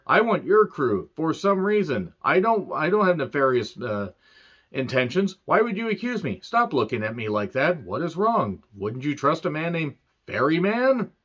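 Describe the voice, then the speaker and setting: A man's voice: fairly high pitch, a bit bright. Man doing a shifty stranger playing innocent, sarcastic, on a dull lo-fi recording.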